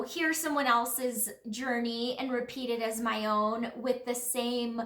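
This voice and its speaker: A woman's voice: fairly high pitch, a bit bright. A woman talking through a casual, reflective monologue as a spiritual healer, in an earnest, rambling way full of fillers. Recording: roomy echo.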